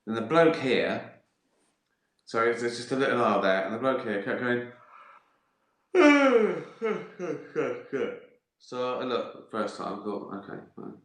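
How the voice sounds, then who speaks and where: A man's voice: mid-range voice, normal speed, fairly bright tone. Sweary man in an echoey room. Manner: sweary, rambling, laughs at his own stories. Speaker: livestream host answering viewer questions. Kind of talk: casual chat.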